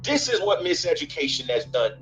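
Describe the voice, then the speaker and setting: A man's voice: on the high side, very animated, brisk, a bit bright, faint music behind, low-quality recording. A man hosting a casual reaction show, giving blunt, preachy commentary and swearing freely. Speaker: host.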